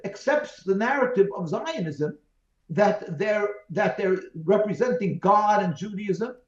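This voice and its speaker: A man's voice: high voice, animated, measured pace. A man, a rabbi as interview guest, giving emphatic, pleading answers full of repeated phrases over a video call. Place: remote call from home. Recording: roomy, dull video-call audio.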